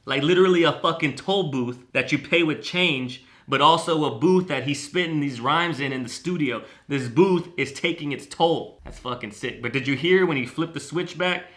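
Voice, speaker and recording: A man's voice: fairly high pitch, normal speed, hardly any pauses, fairly bright tone. A man casually breaking down a song's lyrics as a music YouTuber, eager and swearing freely. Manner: enthusiastic, swears freely, reacts with hums and ooh sounds. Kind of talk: casual song breakdown commentary.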